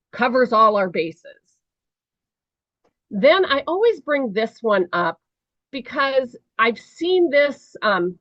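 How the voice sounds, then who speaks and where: Slow, earnest middle-aged woman presenter. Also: on the high side, no echo, muffled recording. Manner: measured, earnest explaining with frequent ums. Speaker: presenter at a training session. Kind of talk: conference presentation.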